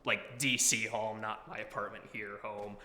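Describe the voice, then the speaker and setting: A man's voice: lowish voice, little pitch movement, measured pace, bright, forceful tone. A young man from Washington, D.C., answering questions at an acting audition in a self-deprecating, joking way, with plenty of filler words. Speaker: auditioning actor. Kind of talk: audition interview. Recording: echoey hall.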